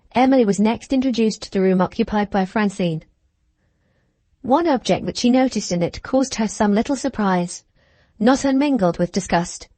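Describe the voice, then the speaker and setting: A woman's voice: medium pitch, dark tone, dry recording. Woman narrating an audiobook, dry and close.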